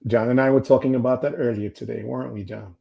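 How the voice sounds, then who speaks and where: A man's voice: mid-range voice, steady tone, fast, creaky, mellow. An older retired man hosting a casual livestream chat, heartfelt and rambling, with frequent restarts. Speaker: livestream host.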